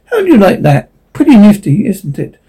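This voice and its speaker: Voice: medium pitch, wildly swooping pitch, moderate pace, dark tone, husky, full character voice. A reader voicing a pushy old-time casket salesman in a read-aloud radio play, cheerful sales patter with stumbles.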